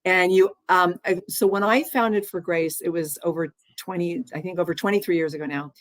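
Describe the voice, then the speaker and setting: A woman's voice: on the low side, steady tone, moderate pace, no echo. A woman in her sixties hosting an interview, speaking earnestly with frequent restarts. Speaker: host. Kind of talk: interview conversation.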